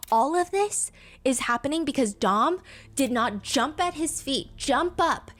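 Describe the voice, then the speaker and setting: Woman, casual true crime storytelling, emphatic, frequent side notes, somewhat high-pitched. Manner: chatty, emphatic, many asides.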